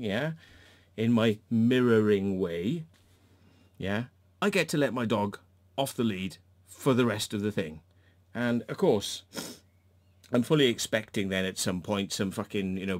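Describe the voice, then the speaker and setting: A man telling a sweary, sarcastic story in a ranting vlog monologue, mimicking other people mockingly. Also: lowish voice. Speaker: vlogger. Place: outdoors in a park.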